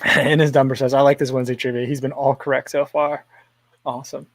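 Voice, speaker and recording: A man's voice: mid-range voice, level tone, fairly quick, no echo. A man hosting a casual livestream, rambling, chuckling often and reading viewer comments aloud. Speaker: livestream host.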